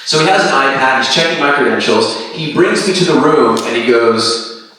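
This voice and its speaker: A man's voice: mid-range voice, moderate pace. A man in his thirties from Canada doing a stand-up set, telling stories and acting out voices. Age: 30s. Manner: animated storytelling with quoted voices. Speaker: stand-up comedian. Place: comedy venue with live audience. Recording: roomy distant stage sound.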